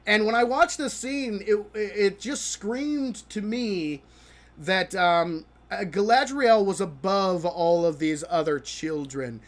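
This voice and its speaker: A man with a fairly high voice runs a live stream, grumbling and scoffing about a show as he plays. His delivery is halting and full of restarts, and he keeps breaking into laughter at how bad he found it. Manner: exasperated, mocking, laughing often. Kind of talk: live-stream reaction commentary while gaming.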